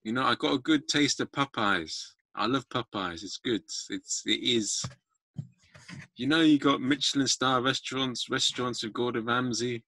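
A man's voice: medium pitch, moderate pace, pushed and bright, dry recording. A man hosting a podcast, chatting casually and making self-mocking jokes that ramble a little. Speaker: podcast host. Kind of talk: casual chat.

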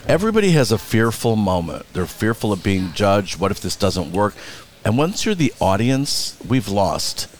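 A man with a low, grounded voice, chatting as an interview guest. He spins backstage stories with punchy, profane bluntness and slips into quick impressions of the people he quotes. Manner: animated anecdotes, blunt and profane; acts out other people's lines in quotes. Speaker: Broadway producer and director, guest. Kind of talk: casual interview storytelling.

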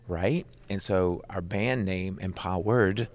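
A middle-aged man, a Christian rock musician, telling his personal testimony in an animated, conversational way. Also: low-pitched, normal speed, gravelly, slight background noise. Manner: animated, conversational, leans on "right?".

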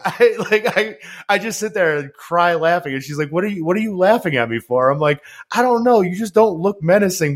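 A young man hosting a casual podcast, full of slang and swearing. He tells stories with laughter and acts out other people's voices as he goes. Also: on the high side. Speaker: podcast host. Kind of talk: casual chat, animated storytelling.

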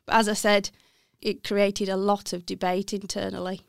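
Speaking at a moderate pace with a flat, creaky, clean medium-pitched voice, this Birmingham-accented woman from the West Midlands is a middle-aged accounting firm partner being interviewed. Her talk is reflective and candid, full of mid-sentence self-corrections and soft laughter. The audio is dry and of studio quality.

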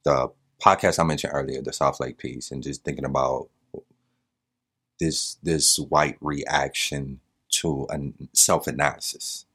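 Super deep-voiced dad, calm and measured, pulling others into the talk. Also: male voice, breathy edge. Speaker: parent in a group conversation. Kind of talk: reflective conversation.

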